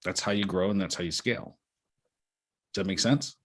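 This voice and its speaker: Man, very low pitch, host of an online business call, encouraging coaching tone, frequent restarts, dry close sound. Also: brisk, no echo. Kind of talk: casual coaching talk.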